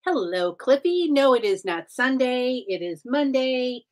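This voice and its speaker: A woman's voice: high-pitched, animated, a little slow. A woman hosting a casual live stream, chatting with viewers and greeting them by name while she builds. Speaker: live-stream host building brick sets.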